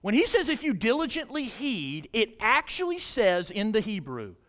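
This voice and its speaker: High, lively-voiced male preacher. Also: moderate pace. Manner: animated preaching, rising to emphatic peaks and dropping low; addresses the congregation with questions. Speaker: pastor. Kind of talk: sermon. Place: church.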